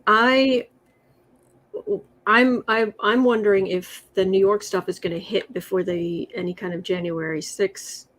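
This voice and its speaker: A woman's voice: medium pitch, fairly even intonation, unhurried, fairly bright tone. A woman hosting a casual livestream, reading tarot cards aloud with sarcastic, chatty asides. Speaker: tarot reader and livestream host.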